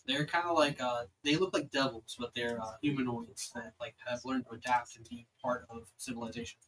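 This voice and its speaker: A man's voice: mid-range voice, lively intonation, fairly quick, vocal fry, a bit bright, slight background noise, rough recording. A young man narrating as dungeon master, rambling with many fillers. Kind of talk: narrating a tabletop game.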